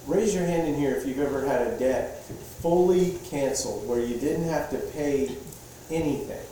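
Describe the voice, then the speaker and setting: A man's voice: mid-range voice, moderate pace, slight background noise. Male pastor preaching in an echoey hall. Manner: relaxed, asks the congregation questions. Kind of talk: conversational sermon. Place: church hall with a congregation. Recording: echoey hall, distant mic.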